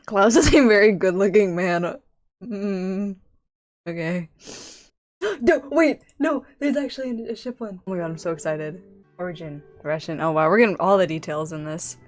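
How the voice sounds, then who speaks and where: A young woman giving excitable reaction commentary as a YouTuber, giddy and rambling, often squealing and laughing. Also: fairly low pitch. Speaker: YouTuber reacting to fan videos.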